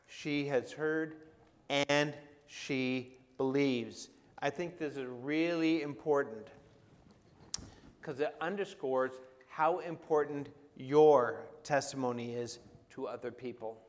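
Slow-paced and mid-range, a pastor's voice rings out with a long reverb tail. His sermon feels like a conversation, with frequent questions aimed at those listening.

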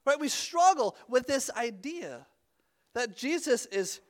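A pastor preaching a conversational sermon, often restarting his words and dropping suddenly to a hush. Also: very high-pitched, expressive, takes it slowly.

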